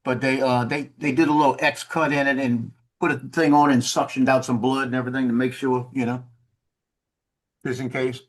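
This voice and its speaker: A man's voice: mid-range voice, flat delivery, a little fast. A man casually telling a story over a video call, rambling and repeating words, laughing at his own tale.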